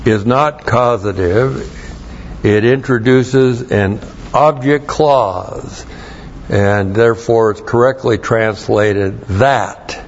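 Slow, emphatic male Bible teacher. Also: medium pitch, highs cut off, slight background noise. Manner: emphatic, repeats key phrases, spells out Greek words letter by letter. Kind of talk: expository Bible teaching with Greek word study.

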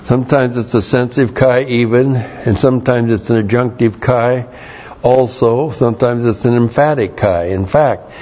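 A man preaching a Bible teaching sermon, explaining Greek words slowly and spelling them out letter by letter. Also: mid-range voice, dark tone. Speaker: pastor. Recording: dull lo-fi sermon recording.

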